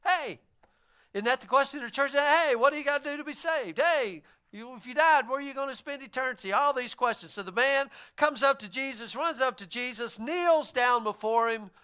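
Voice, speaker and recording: A man's voice: very high-pitched, moderate pace, pushed and bright, clear, resonant tone. A man preaching a sermon, retelling a story and acting out the voices of its figures. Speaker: pastor.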